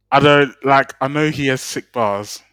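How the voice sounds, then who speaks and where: A man's voice: mid-range voice, a bit bright, clean tone, no room sound. A man, a podcast co-host talking casually, often laughing and restarting his sentences. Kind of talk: casual chat.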